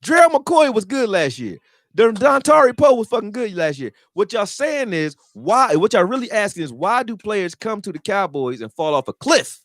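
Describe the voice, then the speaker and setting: Man, football commentary, casual rant, profane, high lively voice, dry sound. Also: normal speed, no room sound. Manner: animated, profane, acts out quotes. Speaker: fan commentator making football videos.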